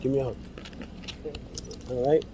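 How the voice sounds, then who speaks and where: A man's voice: mid-range voice, flat delivery, measured pace, mellow, slight background noise. A man talking bluntly and emphatically, repeating himself and swearing freely, in a heartfelt pep talk.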